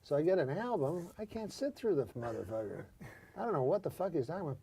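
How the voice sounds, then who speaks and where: Male ranter, blunt and foul-mouthed, a bit high, light background noise. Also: big pitch swings, fast talker, gravelly, warm tone. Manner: heavy cursing, blunt. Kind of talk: profane comedic rant.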